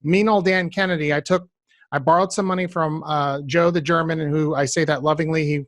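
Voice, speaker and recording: A man's voice: fairly high pitch, brisk, dry recording, clean studio sound. A man hosting a business podcast interview, telling stories and speaking directly to his listeners. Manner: animated storytelling, addresses listeners directly. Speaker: podcast host. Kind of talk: conversational interview.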